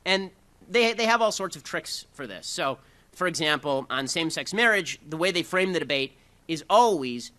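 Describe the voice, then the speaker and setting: A man giving a combative political speech, rapid-fire and sarcastic, in his thirties. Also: fairly high pitch, animated, sharp tone. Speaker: public speaker.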